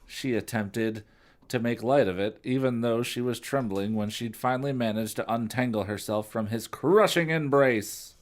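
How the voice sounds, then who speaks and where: A man's voice: mid-range voice, moderate pace. A man co-hosting a comedy podcast, reading a novel aloud and adding dry, wry jokes.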